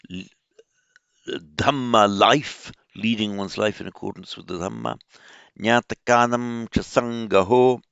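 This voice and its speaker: Deep slow gravelly man lecturing. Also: a bit bright, no echo. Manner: slow, halting, many fillers and restarts. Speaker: teacher of Pali and Buddhist texts. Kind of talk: informal explanatory lecture. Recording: dull, muffled lo-fi sound.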